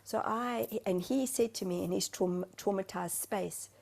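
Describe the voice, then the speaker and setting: Gravelly-voiced woman, talkative. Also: mid-range voice, unhurried, darkish tone. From South Africa. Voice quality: talkative, self-described motor mouth. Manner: emotional, rambling storytelling. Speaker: guest, spiritual medium. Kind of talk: candid interview conversation.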